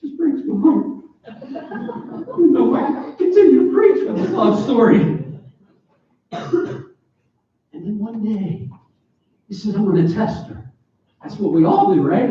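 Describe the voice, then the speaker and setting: A man in his forties preaching a sermon, animated and joking, with sudden loud bursts. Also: sits high. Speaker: pastor. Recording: echoey, distant, dull church PA recording.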